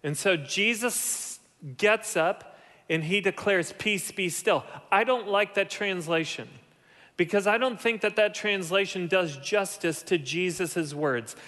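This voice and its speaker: A man delivering a sermon in an animated way, easing down into quiet, low lines when he wants a point to land. His voice sits a touch high for a man, and a long reverb trails after his words, as if from a large sanctuary. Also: a little slow. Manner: animated preaching, drops to soft low tones for emphasis. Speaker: pastor.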